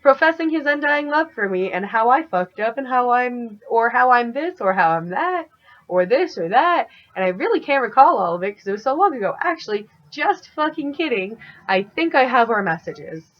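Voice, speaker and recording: A woman's voice: on the high side, moderate pace, muffled recording. A woman in her twenties telling a story in a casual, chatty vlog, peppering her speech with "like". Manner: chatty, animated, heavy use of "like". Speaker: vlogger.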